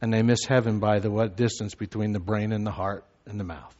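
Man preaching in a reverberant hall. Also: steady tone. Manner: builds from low, measured teaching to loud shouted emphasis. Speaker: pastor. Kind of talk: sermon. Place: church sanctuary. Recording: reverberant hall, slightly dull sound.

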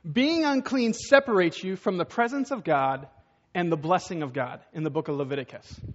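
A man's voice: high-pitched, normal speed. A man preaching a sermon in a conversational way, asking rhetorical questions and acting out the voices of the people he quotes. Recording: dull, echoey hall sound.

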